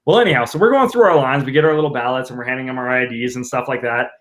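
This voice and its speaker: A man telling a personal story on a casual podcast, joking and animated, acting out what people said. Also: mid-range voice, rapid-fire. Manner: animated, joking storyteller who acts out quotes.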